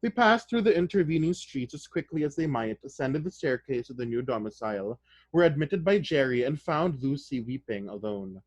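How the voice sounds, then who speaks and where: A man reading a novel aloud, then breaking off into casual, excited comments to his listeners. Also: medium pitch, moderate pace, no room sound. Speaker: reader of a novel.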